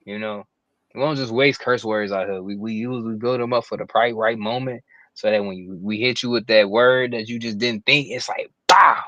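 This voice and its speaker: A man's voice: lowish voice, fairly even intonation, fairly quick, fairly bright tone, no room sound, lo-fi sound. A man co-hosting a casual chat podcast, rambling with lots of filler phrases. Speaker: podcast co-host.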